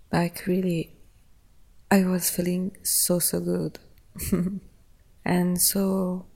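A young woman hosting a podcast, casually recounting a trip in a relaxed, chatty way, often laughing between phrases. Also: lowish voice. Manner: loose, simple phrasing with frequent "like" and "yeah". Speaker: podcast host. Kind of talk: casual travel storytelling.

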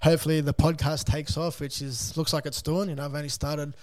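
A man's voice: fairly high pitch, little pitch movement, brisk, a little mellow. An Australian man chatting as a podcast guest in a casual, slangy, laid-back storytelling way. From South Sydney, Australia. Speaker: guest, coffee van owner and podcaster.

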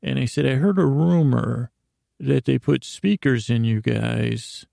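A man telling a rambling comedic story in a deadpan, awkward way, stammering and correcting himself often. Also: medium pitch, unhurried, vocal fry, no room sound, clean studio sound. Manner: stammering, with many restarts and self-corrections.

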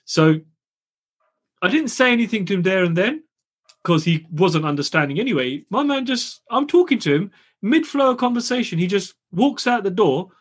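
Animated man telling a story. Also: sits high, husky. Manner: animated storyteller, swears freely. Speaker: podcast co-host. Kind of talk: casual storytelling chat.

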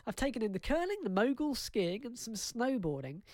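A man's voice: extremely high pitch, very animated, moderate pace, darkish tone, no echo. A man co-hosting a podcast, reading listener letters in a casual, playful chat and chuckling often as he goes.

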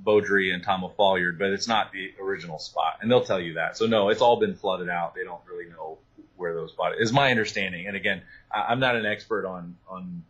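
A man, an author, talking through his research in an animated interview, with many restarts and asides. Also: low-pitched, fairly quick, slightly rough, poor audio. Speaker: author and guest. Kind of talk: interview conversation.

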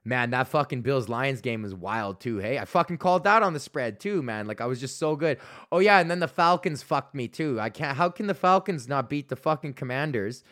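A man's voice: medium pitch, expressive, fairly quick, a bit bright. A male comedian hosting a solo podcast, ranting in a loose, rambling, profane way.

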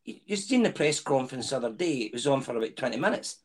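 A man's voice: medium pitch, very animated, fast. A Scottish man appearing as a guest on a football podcast, explaining his points earnestly in casual chat.

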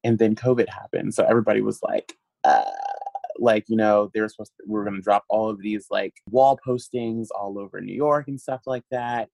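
A man being interviewed, telling a long story in an animated way, laughing often and using lots of fillers. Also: fairly low pitch, brisk, creaky, no echo, rough recording. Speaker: guest. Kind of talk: casual interview chat.

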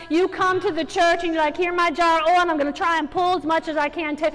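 A woman preaching with a very high voice, her words ringing out in a long-reverb church hall. She builds from conversational teaching to emphatic, rising exhortation. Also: steady tone, quick pace, hardly any pauses, a bit bright. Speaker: guest preacher. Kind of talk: sermon. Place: church sanctuary.

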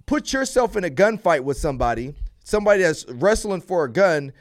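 A man speaking as a guest on a casual podcast, his voice pitched a little high. He explains his points earnestly, often restarting his sentences mid-thought. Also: big pitch swings, a little fast. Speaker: podcast guest, police officer. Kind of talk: casual interview chat.

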